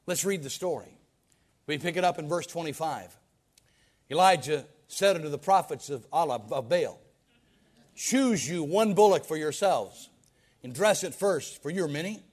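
A pastor preaching a sermon, reading Bible verses dramatically with folksy asides in between. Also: male voice. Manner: dramatic Bible reading with wide swings in loudness and pitch.

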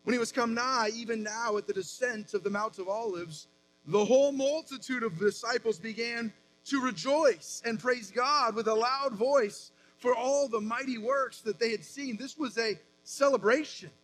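A man in his thirties preaching a sermon as pastor, with animated emphatic rises and quick asides. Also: very high-pitched, faint music behind, low-quality recording.

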